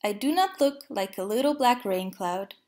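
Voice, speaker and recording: A woman voicing a simple, cheerful, hungry male bear in a read-aloud storybook, gentle and hopeful. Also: mid-range voice, animated, moderate pace, close to an everyday voice.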